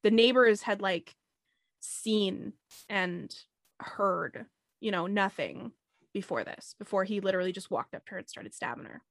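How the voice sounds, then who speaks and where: A woman hosting a podcast, telling a true crime story in a casual, animated way with quick asides to her co-hosts. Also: mid-range voice, creaky, dry recording.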